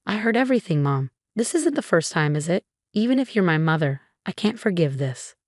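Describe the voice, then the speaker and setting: Firm, protective young husband, voiced by a woman reader; earnest, low-pitched, dry. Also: big pitch swings, fairly quick, no echo. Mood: stern.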